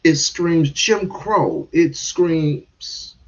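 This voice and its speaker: A man's voice: fairly high pitch, drawn-out words, highs cut off. A man giving heated, casual commentary on a stream, restarting and repeating words as he goes.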